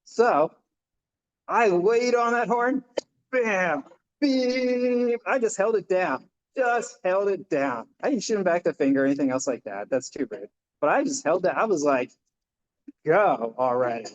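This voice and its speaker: A man's voice: high voice, animated, normal speed. A man, a Buddhist minister, giving an informal dharma talk in a chatty storytelling way, with many fillers and restarts. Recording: dull lo-fi sound.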